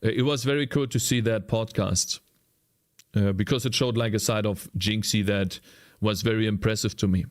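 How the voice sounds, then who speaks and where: A man with a German accent and a fairly low voice, chatting loosely with viewers as he works. He rambles and often stops to search for the right English word. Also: steady tone, normal speed. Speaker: streamer and indie game developer. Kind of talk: casual live-stream chat while coding.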